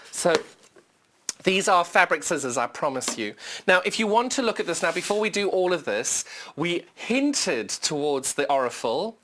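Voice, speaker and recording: A young woman from the UK presenting a live shopping show, gushing and gasping with excitement as she unwraps fabrics. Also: deep voice. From United Kingdom.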